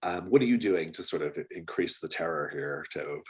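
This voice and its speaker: A man narrating a tabletop role-playing game as game master, relaxed and chatty, laughing often and using lots of fillers. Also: low voice, normal speed, slightly rough.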